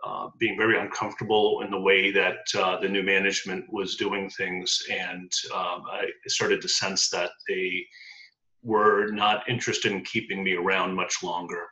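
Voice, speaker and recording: A man's voice: deep voice, little pitch movement, moderate pace, sharp tone. A middle-aged man telling his life story in an interview, with many ums and uhs. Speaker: interview guest. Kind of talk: casual storytelling. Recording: dull lo-fi audio in echoey room.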